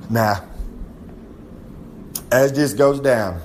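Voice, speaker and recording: A man's voice: medium pitch, very slow, darkish tone, slight background noise. A man giving a boastful, rambling wrestling monologue. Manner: swaggering, rambling, drawling brag. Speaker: wrestler giving a comic segment.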